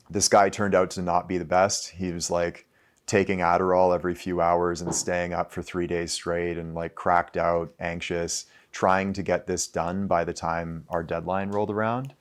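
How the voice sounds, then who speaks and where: A man's voice: sits low, flat delivery, a little slow. A man in his thirties talking loosely to a live audience, full of "like" fillers and the odd swear word. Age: 30s. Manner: loose and conversational, with frequent "like" fillers and profanity. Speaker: speaker addressing a live audience. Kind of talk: casual talk to an audience.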